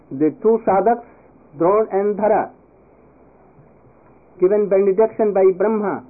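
Casting: male spiritual teacher, raised voice, storytelling sermon, tinny phone-like audio. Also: high voice. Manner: storytelling, prompting listeners to complete words. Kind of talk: devotional discourse.

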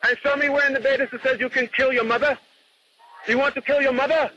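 A man's voice: extremely high pitch, level tone, fast, bright, forceful tone, muffled recording, pitched above the performer's own voice. A man voicing an impassioned male devotee who is insistently pleading with his friend.

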